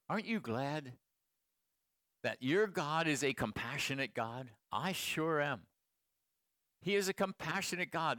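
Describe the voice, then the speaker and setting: Middle-aged guy preaching at church, storytelling then loud emphatic bits, dry close sound. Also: on the high side, dry recording. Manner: storytelling, swings from hushed asides to emphatic proclamation. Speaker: pastor. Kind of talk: sermon.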